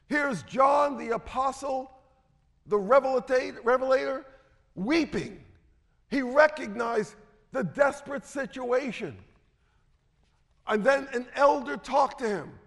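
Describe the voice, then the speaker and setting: A man preaching a sermon as a guest speaker, emphatic, swinging from shouted lines to hushed asides. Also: very high-pitched, expressive, unhurried, creaky, long reverb tail.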